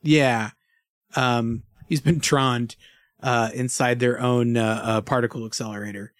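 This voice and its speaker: A man in a mid-pitched voice co-hosting a casual podcast over a remote call. He thinks aloud, pausing and restarting often. The sound is dry with no room. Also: fairly even intonation, dry recording. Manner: thoughtful, hesitant, many fillers. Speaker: podcast co-host. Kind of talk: casual chat.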